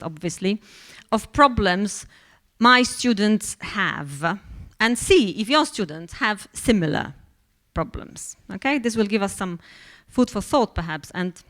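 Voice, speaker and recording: Hesitant woman leading a teacher workshop. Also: mid-range voice. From Poland. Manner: hesitant, many fillers and restarts. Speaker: teacher trainer. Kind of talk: workshop presentation.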